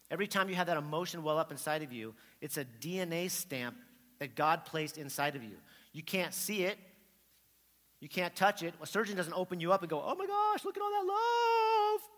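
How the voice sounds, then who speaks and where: Animated middle-aged preacher in a reverberant hall. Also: male voice, a little high, moderate pace, long pauses. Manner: animated storyteller, acts out quotes loudly. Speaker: pastor. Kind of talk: storytelling sermon.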